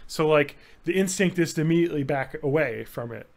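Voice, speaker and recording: A man co-hosting a podcast, talking in a rambling, excitable way and swearing often. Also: fairly high pitch, a little fast, vocal fry. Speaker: podcast co-host. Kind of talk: casual chat.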